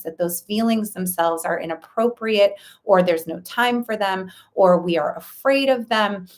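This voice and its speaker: Earnest woman coach explaining feelings. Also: fairly low pitch. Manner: earnest, explanatory, builds points in lists. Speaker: life coach. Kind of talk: direct-to-camera coaching talk.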